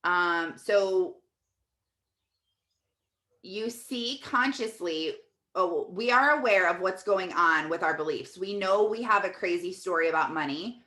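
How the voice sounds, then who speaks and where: A woman in her thirties coaching in a chatty, casual teaching talk, animated storytelling full of fillers. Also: on the low side, unhurried. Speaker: life coach.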